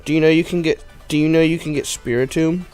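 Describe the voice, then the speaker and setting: A man's voice: on the high side, fairly even intonation, quick pace, darkish tone, clear, resonant tone. A young man casually commenting on a video game stream, rambling with many fillers and giggling often. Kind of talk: casual let's-play commentary. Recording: faint game music behind.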